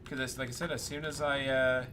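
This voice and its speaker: A man chatting casually during a game stream, joking and laughing often with quick asides. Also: mid-range voice, level tone, sharp tone, a little hiss or hum. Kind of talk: casual chat while gaming.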